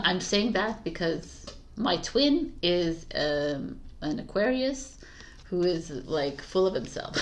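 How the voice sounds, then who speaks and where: Chatty woman reading tarot. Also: on the low side. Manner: chatty and emphatic, laughs often. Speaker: tarot reader. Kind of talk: casual tarot reading monologue.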